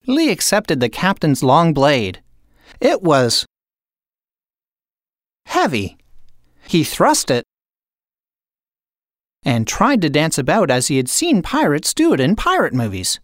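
A woman narrating a children's storybook aloud in a slow, expressive read-aloud manner. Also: low-pitched, no echo, studio quality.

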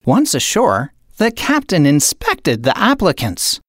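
A woman narrator reading a children's picture book aloud in an expressive, unhurried way. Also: deep voice, no echo, clean studio sound. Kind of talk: storybook read-aloud.

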